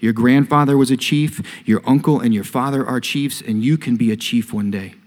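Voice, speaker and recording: A man quoting a West African aunt welcoming her lost niece, speaking slowly and formally with a West African accent. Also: mid-range voice, a little mellow, close to an everyday voice. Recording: long hall reverb.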